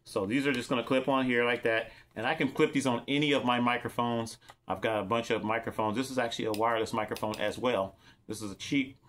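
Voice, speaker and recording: A man's voice: medium pitch, fairly even intonation, fast talker, fairly bright tone. Rambling middle-aged man demoing gear. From California. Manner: rambling, repeats himself, talks straight to viewers. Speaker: vlogger reviewing gear. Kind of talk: casual show-and-tell demo.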